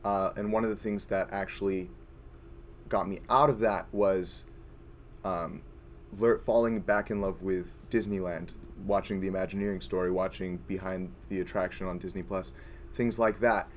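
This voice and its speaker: A hoarse young man telling an earnest, rambling personal story to a group. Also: fairly low pitch, a little hiss or hum. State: hoarse, voice worn from screaming. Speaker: audience member sharing a story.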